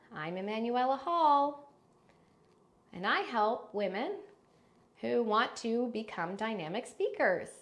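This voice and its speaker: A woman coaching voice and speaking runs a live online lesson. She demonstrates habits with exaggerated examples, moving her pitch and volume to illustrate them.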